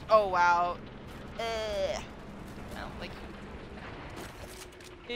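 A woman streaming live gameplay commentary, excitable and squealing, talking to the game as she plays. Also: mid-range voice, takes it slowly, long pauses, noisy background.

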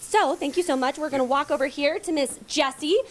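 A woman reporter hosts a live morning TV segment from a commercial kitchen. Her voice sits high and bright, and she is bubbly and laughs often. She sounds like she is speaking into a handheld mic on location. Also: a little fast. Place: commercial kitchen during a cooking class.

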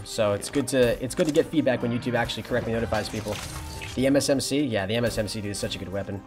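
A young man runs a live game stream, answering his chat in a relaxed, chatty way. He talks at a brisk clip, with a middle-pitched voice. Faint music sits behind him. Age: young adult. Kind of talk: casual live-stream chat while playing.

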